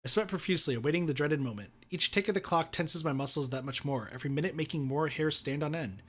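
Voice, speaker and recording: A man streaming, reading a visual novel aloud in steady first-person narration. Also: a little high, quick pace.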